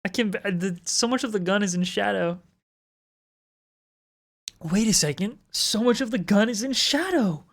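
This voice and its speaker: This woman's mid-range voice has lively intonation as she draws and talks casually to her viewers at a moderate pace, pausing often. She swears freely and mocks herself along the way.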